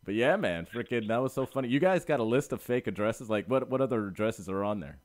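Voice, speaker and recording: A man's voice: fairly low pitch, lively intonation, fast talker, no room sound, clean studio sound. A man co-hosting a podcast in casual chat, joking and rambling, often trailing off. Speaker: podcast co-host.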